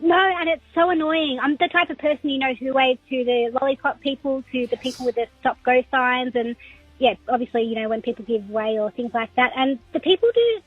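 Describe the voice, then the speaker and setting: Husky woman on the phone. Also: high-pitched, a little fast, no echo, faint music behind. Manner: earnest, exasperated. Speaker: caller. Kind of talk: phone-in radio chat. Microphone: phone line. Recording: thin dry phone line.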